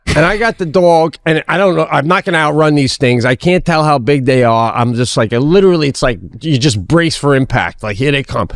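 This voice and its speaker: A middle-aged man co-hosting a podcast, telling a story in casual chat, animated and swearing freely, acting out his own shouting. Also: fairly high pitch, no room sound, clean studio sound. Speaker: podcast co-host.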